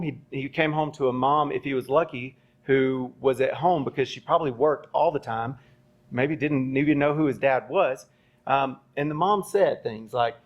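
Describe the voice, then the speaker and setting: A man who trained police recruits, telling a long story at a live university panel, with lots of ums and "right?" checks. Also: mid-range voice. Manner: rambling, many ums and rhetorical "right?". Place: university event space. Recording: dull lo-fi sound.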